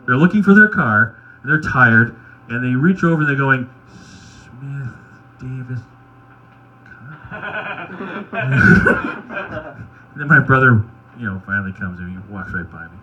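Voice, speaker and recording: A man doing stand-up, telling wry, crude anecdotes in a deadpan way. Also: mid-range voice, a little fast, few pauses, lo-fi sound. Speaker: stand-up comedian. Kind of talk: stand-up storytelling at an open mic.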